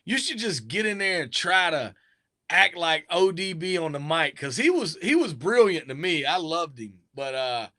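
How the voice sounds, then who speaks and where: A man's voice: a little high, sing-song, moderate pace, pushed and bright. A man, a rapper being interviewed, talking eagerly in a casual chat, rambling and trailing off mid-thought.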